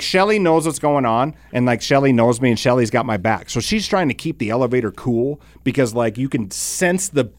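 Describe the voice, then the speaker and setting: Profane, animated male podcast host. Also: on the high side, no room sound. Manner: profane, animated storytelling with exaggerated quoted voices. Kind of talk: casual storytelling chat.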